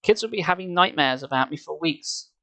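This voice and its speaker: A man voicing a young teenage girl who is thrilled with her scary mask, reading her lines with excitement. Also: fairly high pitch, brisk. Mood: gleeful. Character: scheming young teen girl in a monster mask.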